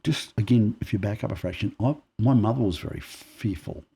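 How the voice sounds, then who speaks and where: A man's voice: on the low side, fairly quick, vocal fry, husky. A man, a podcast guest, telling personal stories and acting out the dialogue as he goes. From Australia. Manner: animated storyteller who acts out quoted dialogue. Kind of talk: personal storytelling in conversation.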